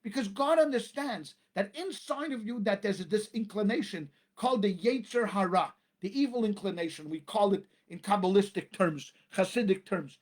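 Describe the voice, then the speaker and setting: A man, a rabbi, preaching a sermon with emphatic repetition and dramatic pauses. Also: high voice.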